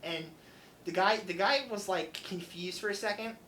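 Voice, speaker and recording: A man's voice: high-pitched, normal speed, a little hiss or hum, poor audio. A young man hosting student radio, animatedly retelling a story and acting out the dialogue. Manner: animated, acts out customer dialogue. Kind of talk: casual storytelling.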